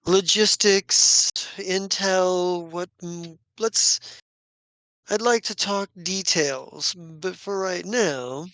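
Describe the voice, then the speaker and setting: A game master gives voice to a confident woman who trades in soldiers for hire. She talks slowly and deliberately, in a smooth, close, dry voice. She is all business. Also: high voice, pushed and bright, dry recording, pitched above the performer's own voice, full character voice. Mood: businesslike. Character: woman mercenary liaison, cool and businesslike.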